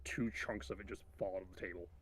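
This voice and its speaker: A man playing a tabletop game, deliberately describing his character's actions. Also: deep voice, steady tone, husky. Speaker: player.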